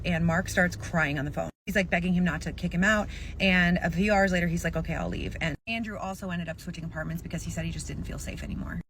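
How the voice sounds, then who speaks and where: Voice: medium pitch, fairly bright tone, a little hiss or hum. A storyteller recounting a reader's story in casual storytime narration, chatty and full of "like". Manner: chatty, peppered with "like".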